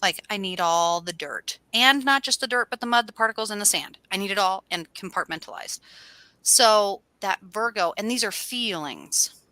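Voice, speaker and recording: A middle-aged woman co-hosting a casual chat in a playful, jokey way, with sudden animated bursts. Her voice is bright and forward, recorded dry and close with no room sound. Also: mid-range voice, moderate pace, no echo. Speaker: co-host. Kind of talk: casual chat about astrology.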